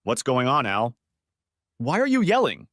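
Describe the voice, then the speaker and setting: A man voices an anxious, caring mother, pitched above his own natural voice. The mid-range delivery swoops wildly in pitch at a moderate pace with a fairly bright tone, recorded clean in the studio with no room sound.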